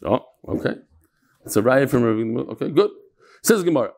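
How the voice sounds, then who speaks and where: A man hosting a daily Talmud class, animated, thinking aloud and putting questions to the room. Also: mid-range voice, moderate pace. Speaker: Talmud teacher and host. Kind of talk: daily Talmud class before a live audience.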